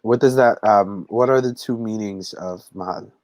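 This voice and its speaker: A man co-hosting a casual video call chat, teaching Tagalog words in a halting, rambling way with many fillers and frequent laughs. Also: lowish voice, darkish tone, no room sound, low-quality recording. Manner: laughs often between words.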